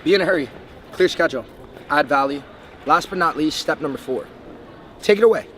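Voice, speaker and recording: A young Bahamian sales trainer delivers motivational coaching, brisk and emphatic, walking through numbered steps one at a time. His voice sits on the high side with a fairly bright tone. The mic is distant, with faint street noise behind him.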